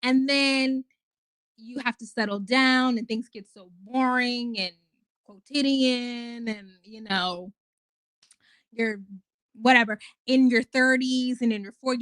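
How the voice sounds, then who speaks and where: A woman's voice: fairly high pitch, a little slow, fairly bright tone, no echo. A woman in her twenties hosting a casual livestream, chatting in a rambling way with lots of fillers and swearing. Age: 20s. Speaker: host.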